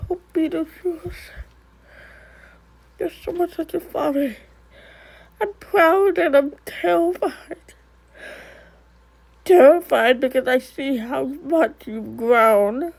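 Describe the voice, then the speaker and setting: A woman's voice: sits high, slow pace, creaky, darkish tone, exaggerated voice, rough recording. A woman voicing a worried mother who pleads with and scolds her stubborn ghost child in a one-person amateur drama. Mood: tender pleading.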